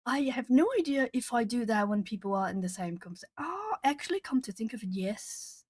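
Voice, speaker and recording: A woman's voice: on the high side, lively intonation, brisk, darkish tone, no room sound. A young woman chatting casually with viewers and reading their comments aloud; she laughs often and repeats or restarts words. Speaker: art channel host.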